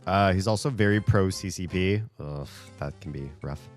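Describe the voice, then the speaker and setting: Casting: male streamer, very low voice, loose rambling chat over a game, faint music underneath. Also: normal speed. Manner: rambling, thinks aloud, chuckles often. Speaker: streamer playing a rhythm game. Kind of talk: casual chat while gaming.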